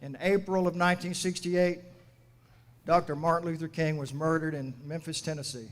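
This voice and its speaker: A man in his sixties delivers a commencement address as a mayor, his slightly higher voice carried over a podium mic. He tells folksy stories with quoted dialogue in an unhurried, grandfatherly manner, and a long echo trails his words through the large venue. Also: steady tone. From United States. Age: 60s. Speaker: mayor giving a graduation speech. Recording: echoey hall from a public address.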